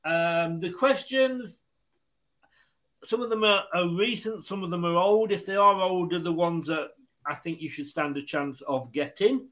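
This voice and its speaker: A man hosts a casual online football quiz with a slightly high voice. He talks in a loose, jokey way and laughs often between questions. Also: measured pace, a bit bright. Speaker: quiz host.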